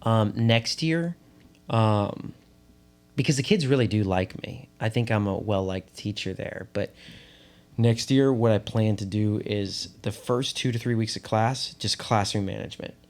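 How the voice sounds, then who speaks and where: A man who is a drama teacher, co-hosting a podcast and telling lively stories in casual chat. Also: lowish voice. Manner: animated storyteller, quick asides.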